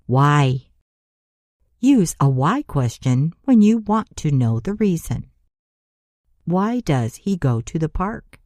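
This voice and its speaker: A woman narrating a scripted grammar lesson as an English teacher, speaking deliberately and spelling out letters for learners. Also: low voice, sing-song, a little mellow, dry recording, studio quality.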